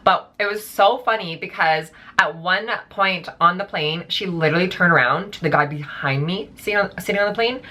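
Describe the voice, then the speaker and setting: A young woman tells a storytime to camera, chatty and casual, with her words strung together by "like" and "um". Her voice is bright and forceful and sits fairly low for a woman. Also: normal speed, hardly any pauses. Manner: chatty, filler-heavy, lots of "like". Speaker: vlogger.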